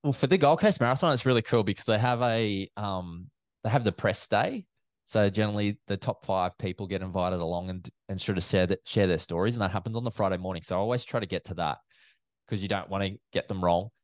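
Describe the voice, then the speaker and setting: A man, an event MC chatting in an interview as a lively storyteller, with many fillers and restarts. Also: on the low side, fast, no room sound. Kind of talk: casual interview chat.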